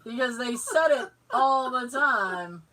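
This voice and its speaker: Lively high-voiced woman podcast host. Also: slow pace, slight background noise, rough recording. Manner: animated, laughs often, acts out quoted voices, swears casually. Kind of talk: casual chat, storytelling.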